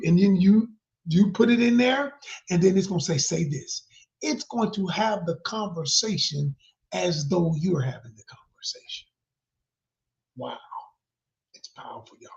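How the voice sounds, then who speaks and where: Man, relationship coach, emphatic preacher-like talk, drops to whispers, gravelly voice, muffled lo-fi sound. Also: high voice. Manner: emphatic, addresses viewers as y'all, preacher-like swings from loud to whispered. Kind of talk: live-stream promotional talk. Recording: dull lo-fi sound.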